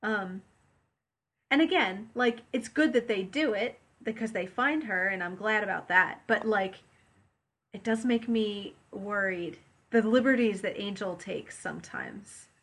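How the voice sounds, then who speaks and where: A woman's voice: medium pitch, expressive, measured pace, fairly bright tone. A woman co-hosting a podcast in casual chat, chatty and rambling with many fillers. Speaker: podcast co-host.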